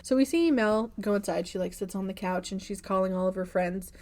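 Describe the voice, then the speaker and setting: A woman's voice: medium pitch, brisk. A woman co-hosting a movie podcast who retells the plot in casual chat and acts out the characters' lines. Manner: animated retelling, acting out quotes from the movie. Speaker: podcast co-host recapping a movie.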